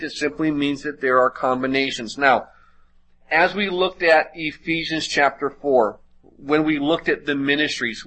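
A man's voice: a little high, a bit bright, poor audio. A man preacher teaching a sermon in a methodical way and reading scripture aloud.

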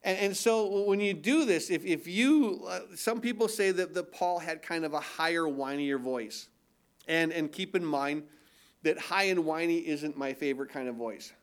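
A man's voice: on the high side, normal speed. An older man preaching a sermon as pastor, in a conversational style that stumbles and repeats words, sometimes breaking into mock-incredulous voices for emphasis. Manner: conversational preaching with repetitions and restarts.

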